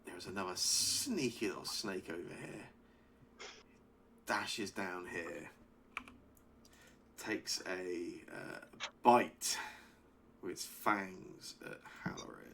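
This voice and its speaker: Lively low-voiced male game master. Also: creaky, a little hiss or hum. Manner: relaxed, laughs often, many ums. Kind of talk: narrating a tabletop game over voice chat.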